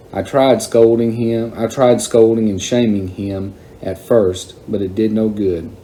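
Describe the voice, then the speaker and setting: Man, low voice, very dark and mellow tone, steady unhurried novel reading, faint hiss behind. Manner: plain, unhurried first-person storytelling. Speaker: reader of a novel aloud. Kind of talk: reading a novel chapter aloud.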